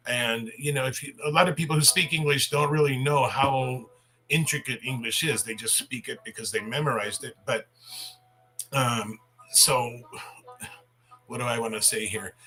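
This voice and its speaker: A man's voice: mid-range voice, normal speed, bright, forceful tone, poor audio. A man in his fifties, a language teacher hosting a casual livestream Q&A, talking in a chatty, rambling way with restarts.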